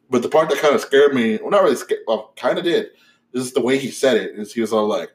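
A man's voice: medium pitch, fast talker. Young man telling a story, rambling. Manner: animated, profane, rambling with many fillers. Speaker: podcast host. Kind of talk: casual storytelling chat.

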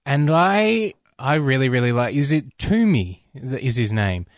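Male podcast co-host, mid-pitch, dry close sound, rambly and animated delivery. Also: measured pace, no echo. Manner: rambling, animated, restarts often. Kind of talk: casual film discussion.

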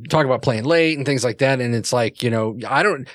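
A man's voice: medium pitch, a little fast, no echo, studio quality. Easygoing male podcast host. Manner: easygoing, hesitant restarts. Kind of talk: casual chat.

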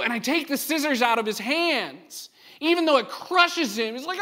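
Bright-voiced pastor preaching conversationally. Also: male voice, extremely high pitch, lively intonation, moderate pace. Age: adult parent of a young child. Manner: conversational and joking, asks the congregation rhetorical questions. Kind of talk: sermon. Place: church.

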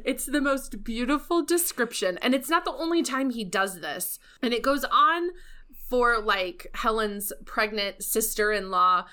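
A woman co-hosting a podcast in casual chat, animated and laughing often, with lots of "like". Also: on the high side, a little slow. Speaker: podcast co-host.

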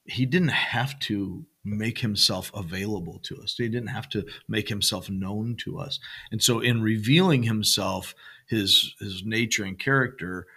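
A man's voice: lowish voice, a little slow, bright, forceful tone, slightly rough. A man co-hosting a church podcast, talking casually and rambling through sermon themes with many fillers and restarts.

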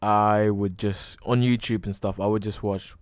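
Rambling, swearing man with a smooth voice. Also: on the low side, fairly even intonation, normal speed, no room sound, clean studio sound. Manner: rambling, full of "like" and frequent swearing. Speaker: podcast host. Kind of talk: casual solo podcast monologue.

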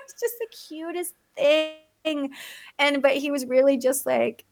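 A middle-aged woman chatting casually on a podcast, an animated storyteller who acts out the people in her stories and laughs often. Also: high voice, moderate pace, no room sound. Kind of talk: casual chat.

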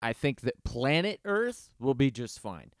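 Profane rambling man, smooth voice. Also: big pitch swings, measured pace, no echo, clean studio sound. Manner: profane, rambling, mimics singers in high mocking voices. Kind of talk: casual chat.

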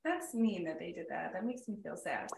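A woman's voice: lowish voice, very animated, gravelly, darkish tone. Chatty woman in an echoey room. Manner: chatty, supportive, quick reactions. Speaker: podcast co-host, interviewer. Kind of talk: casual interview chat.

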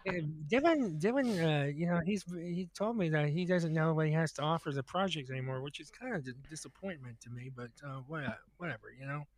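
A man co-hosting a podcast, meandering through his ideas with stops and restarts. His voice sits slightly high, and the recording is dry and close with no room sound. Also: animated, fairly quick, hardly any pauses, no echo. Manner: rambling, hesitant, many fillers and restarts. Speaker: podcast co-host. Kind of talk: casual chat.

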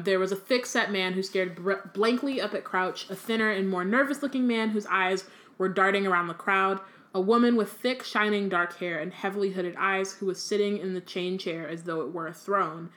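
A young woman co-hosting a podcast, reading aloud and then chatting casually, full of "like" and quick restarts. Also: mid-range voice, a bit bright. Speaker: podcast co-host.

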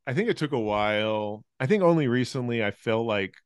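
A man's voice: mid-range voice, animated, brisk, clean tone, no room sound, studio quality. A man in his thirties, a guest comedian chatting casually on a podcast in a laid-back, rambling way.

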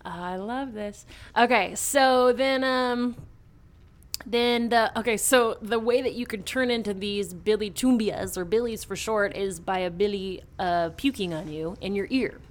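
Chatty woman retelling a comic. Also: mid-range voice. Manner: animated, puts on quick character voices; chatty, lots of fillers and restarts. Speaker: podcast co-host recapping a comic. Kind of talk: casual chat.

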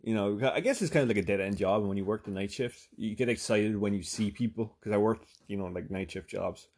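A man's voice: lowish voice, quick pace, a little mellow, slightly rough. A man telling a long casual anecdote, rambling and swearing with lots of fillers. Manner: rambling, profane, full of fillers. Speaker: storyteller.

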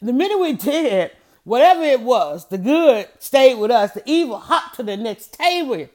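A woman hosting a motivational podcast, telling stories with lively energy and repeating her key phrases to press a point. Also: a little high, normal speed. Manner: lively storytelling, addresses listeners as y'all and honey. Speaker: podcast host.

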